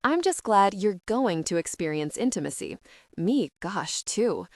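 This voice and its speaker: A woman's voice: medium pitch, big pitch swings, unhurried, no echo, clean studio sound. A woman voicing a playful male baseball teammate in an audiobook, speaking in a wry, teasing way.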